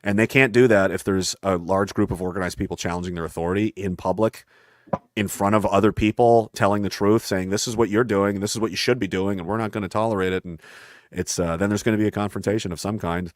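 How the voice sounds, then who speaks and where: A man's voice: fairly low pitch, steady tone, fast talker, dry recording, studio quality. A man talking in a casual conversation, intense and rambling, often acting out voices from his stories. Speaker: podcast guest.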